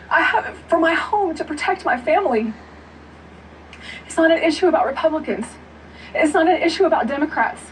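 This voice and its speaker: A woman's voice: extremely high pitch, slight background noise. A woman pleading tearfully as a guest in a televised news interview. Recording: distant television broadcast audio.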